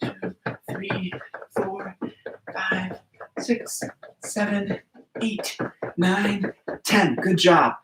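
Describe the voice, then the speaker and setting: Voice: medium pitch, fairly even intonation, extremely slow, pauses often, heavy background noise. An encouraging gymnastics coach talks simply to little kids and counts out each move while demonstrating. The voice sits back from the camera in a roomy gym, with plenty of echo around it. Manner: talks simply to small children and parents. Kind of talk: children's movement class. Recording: roomy, distant from the mic.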